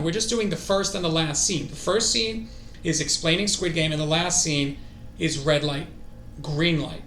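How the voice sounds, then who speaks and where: Hyped guy streaming his language practice, high bright voice, echoey room. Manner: excitable, thinks aloud. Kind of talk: casual self-study stream.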